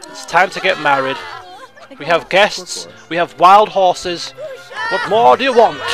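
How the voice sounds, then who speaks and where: A man giving excitable, theatrical gameplay commentary, exclaiming and chatting to his game characters. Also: sits high, takes it slowly, music in the background. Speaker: let's play host.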